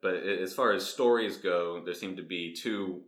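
A man with a very deep voice co-hosts a casual podcast about a book. He talks in a relaxed, chatty way and laughs often. The room around him echoes noticeably. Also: normal speed. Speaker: podcast co-host discussing a book. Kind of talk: casual chat.

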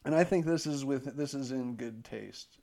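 A man's voice: medium pitch, normal speed, vocal fry, mellow. A man chatting casually as a podcast co-host, rambling with lots of filler words and swearing. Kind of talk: casual chat.

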